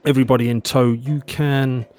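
A man running a tabletop horror game as game master, narrating in a measured, descriptive way with some hesitations. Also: medium pitch, fairly even intonation, darkish tone.

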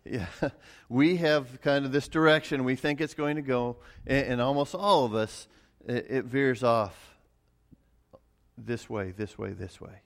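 A man's voice: medium pitch, a little slow. A middle-aged man preaching a sermon as pastor, earnest and often repeating words as he starts a phrase.

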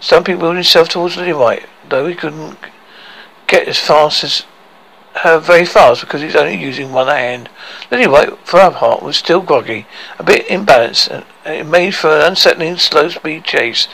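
Gravelly man telling a story. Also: on the high side, fairly bright tone, poor audio. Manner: halting, self-correcting. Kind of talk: improvised storytelling.

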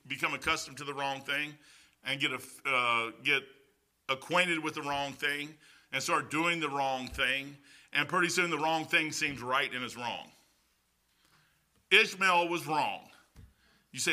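A man delivers a rambling, folksy sermon with many fillers and asides. His voice is slightly high and bright, with a forceful edge. When he reads scripture aloud, he slips into old-style wording. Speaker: preacher. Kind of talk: sermon with personal stories.

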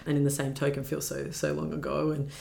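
A young woman with a deep voice and a gravelly edge recounts a personal story as a podcast guest. She is earnest and reflective and pauses on fillers. The room around her is echoey. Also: monotone, warm tone.

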